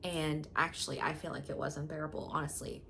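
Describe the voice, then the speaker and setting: Woman vlogger, casual storytelling to camera, frank and emotional, low-pitched, faint background hiss. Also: little pitch movement, fast talker, creaky, a bit bright. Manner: candid, frank and emotional, with filler words.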